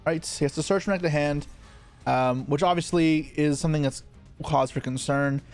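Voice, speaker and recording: A man's voice: a little high, a little mellow, clear, resonant tone, faint music behind. Man muttering through a card game. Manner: thinking aloud, quick muttered asides. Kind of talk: live gameplay commentary.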